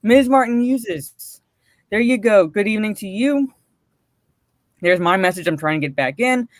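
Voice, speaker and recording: A woman's voice: medium pitch, expressive, moderate pace, no echo, studio quality. A woman co-hosting a live stream, ranting and cursing, then greeting viewers in the chat one by one.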